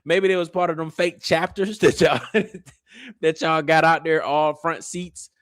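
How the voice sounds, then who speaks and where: A man's voice: fairly high pitch, a little slow, no room sound, clean studio sound. A man hosting a casual reaction commentary, who teases and mocks in loose, slangy talk. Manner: animated, teasing, mocking, loose slangy talk. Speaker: commentary channel host.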